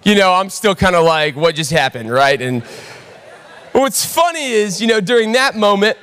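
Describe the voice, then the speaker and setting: In a sermon before a full church, a young, very high-voiced pastor tells an animated story at a moderate pace, his tone clear and resonant. He keeps calling out to the crowd and checking in with them, and the large auditorium leaves a long reverb hanging on each phrase.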